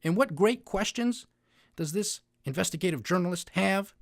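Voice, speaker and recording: A man's voice: high voice, lively intonation, moderate pace, gravelly, dry recording, studio quality. A man giving an opinionated monologue on finance news, sarcastic and mocking, with heavy emphasis.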